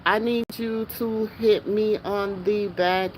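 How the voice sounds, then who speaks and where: A woman vlogger talking casually and emotionally to her viewers, excited and exclamatory, repeating herself often. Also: medium pitch, slow, a little hiss or hum, low-quality recording.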